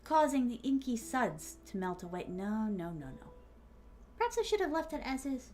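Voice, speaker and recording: A woman's voice: a little high, very animated, normal speed, darkish tone, slight background noise. A woman streamer musing aloud as she rewrites sentences, playful and chatty, with a slight put-on accent. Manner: muttering drafts aloud, playful. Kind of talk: casual writing stream.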